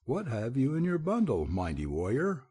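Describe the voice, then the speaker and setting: A man voicing a frantic mother pheasant with shrill, screeching cries in a storybook. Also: huge pitch swings, normal speed, warm tone, breathy edge, full character voice. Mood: shrill alarm.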